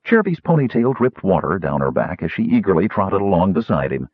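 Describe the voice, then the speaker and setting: Low, husky male audiobook narrator. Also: a little fast, no echo. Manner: lively, expressive reading. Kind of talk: scripted narration. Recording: thin phone-like dry audio.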